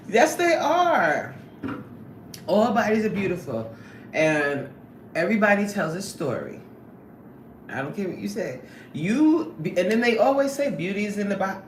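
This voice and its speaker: A woman hosting a casual livestream, chatting with viewers in a sassy, animated way and laughing often. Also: deep voice, reverberant, a little hiss or hum. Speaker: livestream host reading chat.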